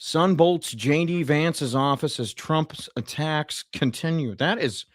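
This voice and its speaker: A man livestreaming a satirical comedy rant in a mock-pundit persona, rambling with sarcasm and swinging between loud outbursts and muttered asides. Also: fairly high pitch, slow pace, no echo, studio quality. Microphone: streaming mic.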